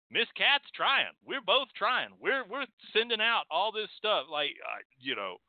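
A man hosting a casual livestream talk, emphatic and animated, with frequent "okay?" asides. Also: a little high, dry recording. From Texas. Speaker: host. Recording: tinny phone-like line.

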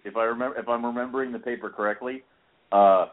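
A man's voice: medium pitch, fairly even intonation, quick pace. A man co-hosting a podcast in casual chat, rambling and self-deprecating, with casual swearing. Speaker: podcast co-host. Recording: tinny phone-like audio.

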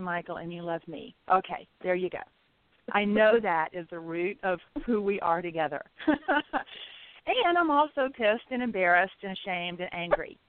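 Woman, lively up-and-down voice, laughs a lot, tinny dry phone sound. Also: medium pitch, no room sound. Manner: animated, laughs often, acts out her own inner dialogue. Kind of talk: casual spiritual chat.

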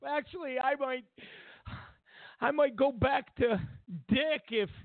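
A man doing a high, swooning female news host. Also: slow, no echo, full character voice. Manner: breathless, adoring, over-the-top. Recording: tinny, phone-like radio sound.

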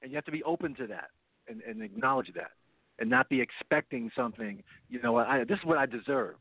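A podcast co-host on a casual recovery talk show speaks over a phone line rather than his headset, explaining earnestly with many repeated phrases. His medium-pitched voice is husky with vocal fry, sing-song and a little fast, with no echo.

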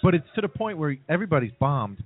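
A man who is a guest on a casual pub talk show, telling heated stories in a rapid, lively way. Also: fairly high pitch. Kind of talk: casual bar radio chat. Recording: tinny phone-like radio broadcast.

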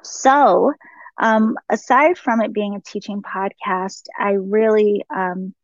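A woman hosting her own spiritual podcast, speaking gently and earnestly, with frequent pauses and ums. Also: mid-range voice, steady tone, no echo, muffled recording. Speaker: podcast host. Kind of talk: reflective solo podcast talk.

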